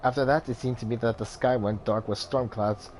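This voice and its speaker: Over music, a man reads game dialogue as a mystic warrior-turned-merchant, using a put-on Indian accent that sounds solemn, riddling, and cryptic. His medium-pitched, slightly mellow voice is fairly quick and even in intonation, close to everyday speech, with slight background noise.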